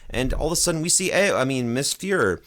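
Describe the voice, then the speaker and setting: A man's voice: medium pitch, quick pace. A young man hosting a podcast, recapping a horror film in casual chat and acting out the characters' lines. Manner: animated retelling with acted quotes. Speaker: podcast host.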